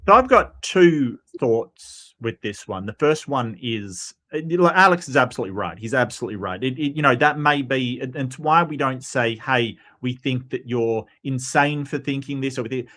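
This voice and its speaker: A man's voice: medium pitch, animated, fairly quick, hardly any pauses, a bit bright. A man talking through the reasoning of a debate in casual commentary, with plenty of fillers, spelling out his argument step by step. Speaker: debate reviewer.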